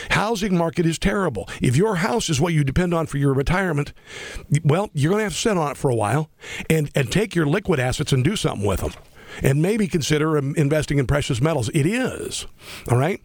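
A man hosting a political talk radio show, sarcastic and combative, talking fast with many restarts. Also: fairly high pitch, no room sound.

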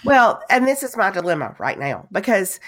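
A woman co-hosting a podcast in casual chat, her voice hoarse from a cough, telling stories with emphatic repeats. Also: mid-range voice, big pitch swings, normal speed, fairly bright tone. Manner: chatty storyteller, emphatic repeats. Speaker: podcast co-host.

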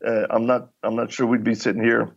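A middle-aged man with a gravelly, fry-laden voice telling stories in a relaxed interview. He slips into the voices of the people in his anecdotes. The recording sounds a little dull and lo-fi. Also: medium pitch, brisk. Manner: acts out dialogue while telling anecdotes. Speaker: podcast guest. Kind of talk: conversational storytelling.

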